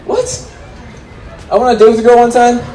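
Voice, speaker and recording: A man's voice: extremely high pitch, moderate pace, a faint crowd. A man in his twenties performing a stand-up comedy set on a club stage, acting out the voices in his stories. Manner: animated, acts out voices in quotes. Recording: roomy club with faint noise.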